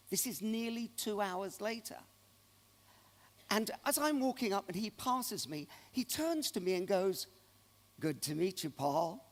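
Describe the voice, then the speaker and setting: A man giving a keynote speech, telling anecdotes to an audience in a large conference hall. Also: high-pitched. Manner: animated anecdotal storyteller. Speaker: keynote speaker. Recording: long reverb of a large hall.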